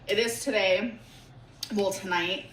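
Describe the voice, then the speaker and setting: Woman vlogger, gushing and excitable, recorded in a roomy space with faint background hiss. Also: medium pitch, takes it slowly. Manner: gushing, excitable, full of fillers. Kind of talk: casual vlog talk to camera.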